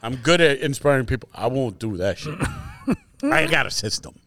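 A man's voice: medium pitch, moderate pace, slight background noise. A middle-aged man from New York, co-hosting a casual podcast chat, telling stories with lots of swearing and acting out what others said. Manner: animated storyteller, swears freely, acts out others' lines. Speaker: podcast co-host.

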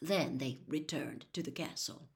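A woman narrating a story aloud in an expressive, animated reading style. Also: low voice, measured pace, creaky. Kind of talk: audiobook reading.

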